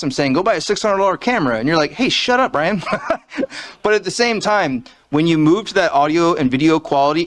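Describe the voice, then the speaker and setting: A man's voice: on the high side, a bit bright. A man giving a casual, joking talk from behind a podium on a conference stage, speaking into a fixed podium microphone.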